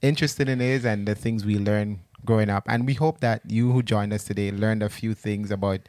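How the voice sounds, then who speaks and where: A man's voice: lowish voice, steady tone, a little fast, a little mellow, dry recording, studio quality. A man hosting a casual podcast, easygoing as he sums up the episode. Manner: easygoing, summarizing. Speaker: podcast host.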